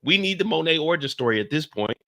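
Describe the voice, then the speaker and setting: A man's voice: on the high side, quick pace. A man hosting a live reaction stream, chatting casually, repeating himself and acting out quotes. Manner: animated, repeats lines, acts out quotes.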